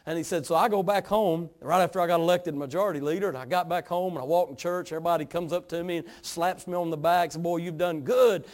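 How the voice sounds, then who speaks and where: A man's voice: high-pitched, fast, hardly any pauses. Folksy East Tennessee preacher man. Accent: East Tennessee Appalachian. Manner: folksy, drawling, builds from quiet storytelling to loud fervent preaching. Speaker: pastor. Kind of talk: sermon.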